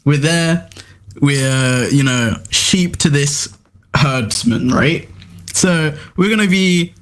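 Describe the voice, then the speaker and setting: Laid-back young man, deadpan arguing. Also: a little high, slow pace. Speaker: debate guest. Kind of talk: mock debate, casual.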